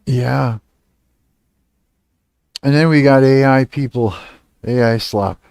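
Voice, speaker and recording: Slow-talking man rambling on a livestream. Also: medium pitch, gravelly, a little mellow, no room sound, studio quality. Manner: rambling, swearing, laughs often, trails off. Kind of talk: casual rambling livestream chat.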